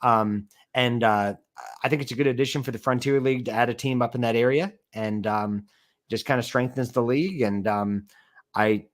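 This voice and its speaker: A man's voice: mid-range voice, fairly even intonation, normal speed. Man giving long rambling sports takes. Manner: long run-on explanations, many "I mean" and "you know". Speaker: co-host. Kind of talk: casual sports talk.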